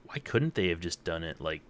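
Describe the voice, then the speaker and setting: A man's voice: deep voice, very animated, moderate pace, slight background noise. A young man co-hosting a podcast in casual chat, rambling and hesitant, often trailing off mid-sentence. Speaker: podcast co-host.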